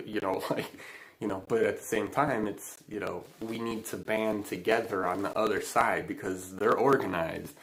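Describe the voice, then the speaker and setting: A man's voice: fairly low pitch, a bit bright, low-quality recording. A man hosting a casual spiritual talk, rambling with lots of fillers and frequent laughs. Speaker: spiritual channeling host. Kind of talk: casual livestream chat.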